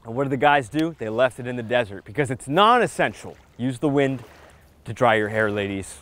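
A man talking straight to camera on a beach in a punchy, emphatic vlog style, pitching marketing advice in short, hyped lines. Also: expressive, a little fast, fairly bright tone. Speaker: marketing vlogger. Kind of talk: casual vlog talk to camera. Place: outdoors on a beach.

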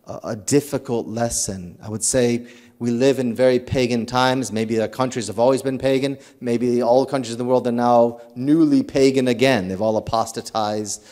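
A priest delivers a sermon in an earnest, storytelling manner. He is a man of average pitch who stumbles into restarts and repeats words as he works through his thoughts. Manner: earnest, animated storytelling with acted quotes.

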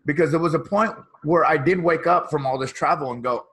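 A man's voice: fairly high pitch, fairly quick, hardly any pauses, fairly bright tone, slightly rough. A man, a motivational speaker and author, earnestly telling a personal story as a guest in an interview.

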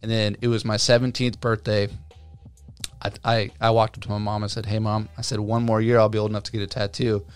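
A man's voice: fairly low pitch, quick pace, clear, resonant tone, faint music behind. A man in his thirties, a tattoo artist guest, telling his story casually and acting out what people said. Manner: animated storyteller, acts out quotes, many fillers.

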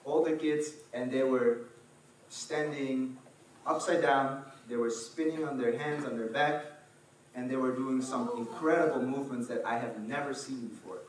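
A man tells a personal story from a stage, animated and acting out each scene. His voice sits at an ordinary middle pitch. It carries through a big echoing hall from a distance, with a faint hum of the room underneath. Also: normal speed. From Netherlands. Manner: animated, acts out scenes, fillers and restarts. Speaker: speaker. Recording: echoey hall from far off, faint ambience.

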